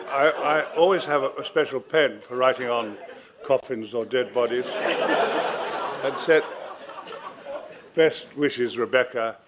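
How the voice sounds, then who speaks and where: Older man, rambling self-mocking storyteller, chuckling, dull lo-fi sound. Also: medium pitch. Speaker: interview guest, actor. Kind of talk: anecdotal interview storytelling. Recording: dull lo-fi recording.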